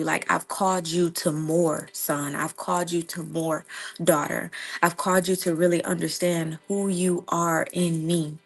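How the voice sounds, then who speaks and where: Earnest woman with a gravelly low voice. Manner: earnest, conversational, repeats "right?" often. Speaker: Christian livestream host. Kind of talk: casual devotional talk.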